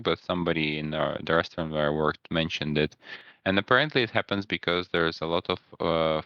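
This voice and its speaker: A man's voice: very deep voice, dry recording, dull audio. A young man co-hosting a casual podcast chat, telling work stories with many fillers and restarts. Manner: storytelling, hesitant with many fillers. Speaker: podcast co-host.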